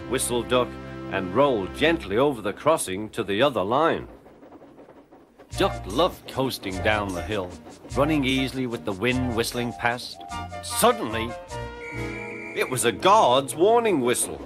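A man narrating a children's train story in an expressive, animated way. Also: medium pitch, measured pace. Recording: narration over clear music.

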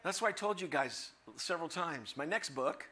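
An older man delivers a sermon with a bright, forceful tone. He preaches in an animated way, with humorous asides, and slips into the voices of the people he quotes. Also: on the high side, normal speed. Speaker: guest preacher.

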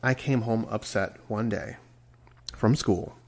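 Talking slowly in a lowish, gravelly voice, a man in his forties reflects alone on his podcast. He's sincere and tends to ramble, occasionally fumbling a word.

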